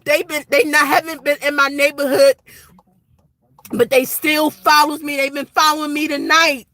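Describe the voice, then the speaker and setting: Agitated high bright-voiced woman in her forties. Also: level tone, moderate pace, rough recording. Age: 40s. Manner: agitated, rambling, repeats herself. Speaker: vlogger. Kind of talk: impassioned to-camera rant. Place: outdoors at night.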